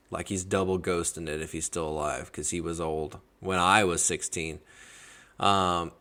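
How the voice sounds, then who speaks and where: A man from Georgia hosting a podcast, telling his stories in a casual, animated and jokey way. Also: deep voice. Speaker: podcast host. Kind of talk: casual storytelling chat.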